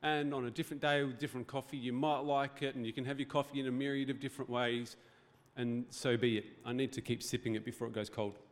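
A man's voice: medium pitch, fairly even intonation, fast, few pauses. A man preaching a sermon as pastor, in a conversational, joking way with rhetorical questions. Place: church hall.

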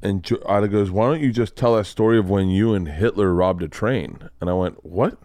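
A man's voice: fairly low pitch, a little fast, dark tone, dry recording, studio quality. A middle-aged man hosting a podcast, in a playful casual chat. He laughs easily and acts out the lines when he retells a story. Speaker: podcast host.

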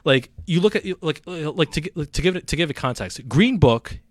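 A man's voice: on the high side, lively intonation, normal speed, no room sound, studio quality. A man casually reviewing a film on a podcast, rambling with many fillers and restarts. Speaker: movie reviewer.

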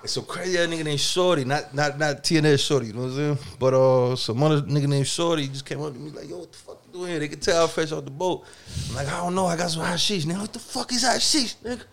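With a high-leaning voice and a quick pace that barely pauses, a man who grew up in Germany spins stories during casual podcast talk. His delivery is animated and full of profane street slang, and he performs what others said.

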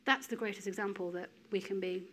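A woman in her thirties giving a sermon in a conversational, storytelling way with lively asides. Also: medium pitch, fast talker. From United Kingdom. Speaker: preacher.

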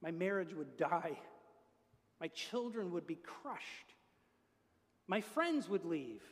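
A man's voice: high-pitched, very animated, slow. A man preaching a sermon as pastor, earnest and building to emphatic peaks. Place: church. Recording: long reverb of a church hall.

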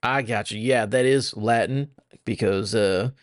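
Pria santai yang suka bercanda di podcast. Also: male voice, fairly low pitch, unhurried, no room sound, studio quality. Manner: easygoing, jokey, rambling asides. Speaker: podcast co-host. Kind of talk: casual podcast chat.

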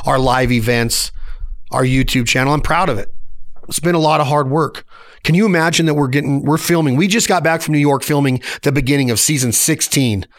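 A podcast host in his forties delivers a fired-up motivational solo rant, using punchy, emphatic short sentences. His voice is medium-pitched with a fairly bright tone.

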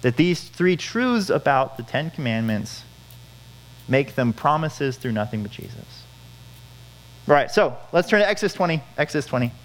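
A man's voice: fairly high pitch, sing-song, normal speed, rough recording. A man preaching a sermon, earnest, repeating key phrases for emphasis. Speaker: pastor.

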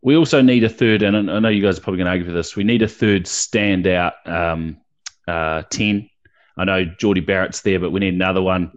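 Casting: New male podcast host, lowish, relaxed banter. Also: fairly quick, lo-fi sound. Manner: swears freely, laid-back banter. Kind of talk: casual sports chat.

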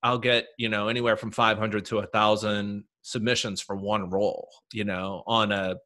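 A man's voice: lowish voice, little pitch movement, moderate pace, pushed and bright. A man hosting a podcast, talking in a chatty, playful way with lots of fillers, who also works in casting. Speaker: podcast host and casting professional. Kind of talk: casual podcast conversation.

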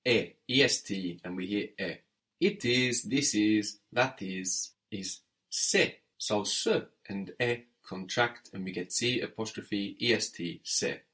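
A man's voice: on the low side, takes it slowly, fairly bright tone. A man teaching French in an audio lesson, patient and methodical, prompting the learner and spelling words letter by letter.

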